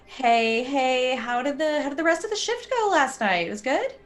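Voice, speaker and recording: A woman's voice: high voice, lively intonation, normal speed, soft background music. A woman taking part as a player in a tabletop role-play, chatting in a friendly, casual way in character.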